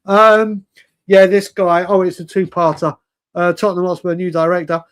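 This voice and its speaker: Casual male stream host, fairly high pitched, chatty and rambling. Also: little pitch movement, normal speed, clear, resonant tone. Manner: chatty, rambling, laughs often, calls viewers mate and brother. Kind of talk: casual live-stream fan chat.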